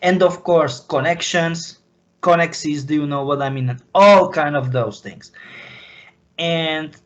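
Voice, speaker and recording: A man from Slovakia, speaking as an interview guest in a halting, impassioned way. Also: fairly high pitch, a bit bright, poor audio. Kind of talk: emotional interview talk.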